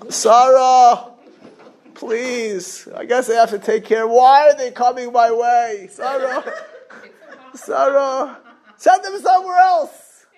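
A man's voice: sits high, gravelly, a little mellow. A man voicing a grumbling ninety-nine-year-old patriarch who sighs and complains about having to host guests. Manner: whiny, exasperated sighing.

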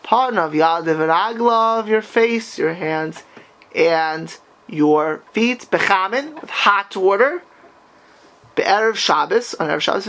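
A man teaching an informal Talmud class, mixing Hebrew and Yiddish terms into English and asking animated questions of his students. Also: measured pace, low-quality recording. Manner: animated, rising to high emphatic questions.

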